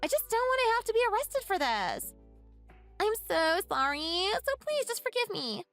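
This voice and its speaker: A woman's voice: very high voice, sing-song, moderate pace, a bit bright, soft background music, full character voice. A woman voicing a sly young woman who keeps begging for forgiveness, repeating her apologies in a whiny, pleading way.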